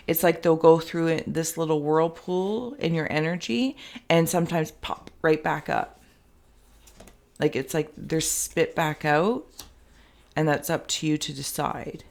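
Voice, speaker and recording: A woman's voice: deep voice, unhurried. A woman giving a spoken tarot and spirit reading to camera, rambling and thinking aloud with many fillers and restarts. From Canada. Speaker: tarot reader and psychic.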